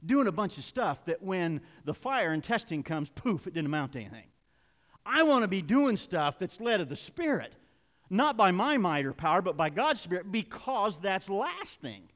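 Older man, pastor, folksy sermon, lively pitch, reverberant hall. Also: normal speed. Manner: folksy, confessional, rising to emphatic preaching. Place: church sanctuary.

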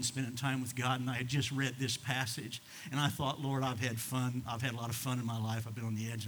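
An older man, a pastor, preaching a sermon in a folksy storytelling manner, dropping to quiet asides and rising to loud, emphatic bursts. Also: mid-range voice.

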